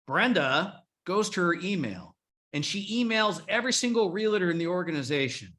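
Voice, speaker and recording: Guy coaching remodelers, swears a lot, hypes up the group, kinda sharp voice. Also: sits high, big pitch swings, normal speed. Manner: blunt and profane, rallying listeners. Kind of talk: coaching talk to a live group.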